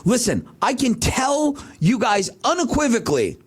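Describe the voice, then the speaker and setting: Animated talkative man, husky voice. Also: very high voice, moderate pace. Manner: animated, repeats himself, says "right?" often. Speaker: financial advisor and show host. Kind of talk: casual storytelling on a talk show.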